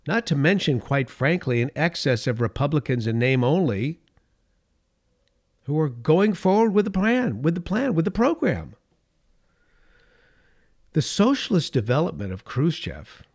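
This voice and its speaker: A man, middle-aged or older, delivering an opinion monologue as a political commentator, emphatic, repeating key phrases for stress and dropping into soft asides. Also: medium pitch.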